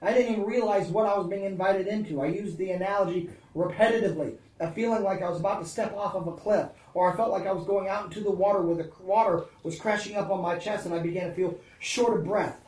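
A preacher delivering a conversational sermon, often asking the congregation "right?" and "Amen?", moving between hushed and forceful passages. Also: mid-range voice, quick pace, few pauses. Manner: swings from hushed, intimate passages to loud, emphatic ones. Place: church or large hall. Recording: roomy echo, picked up from a distance.

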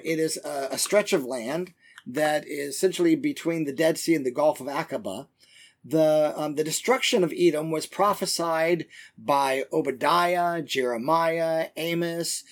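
A man teaching verse by verse through a Bible book, talking conversationally with many fillers and reading the passages slowly. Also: on the high side. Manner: reads scripture passages slowly and deliberately.

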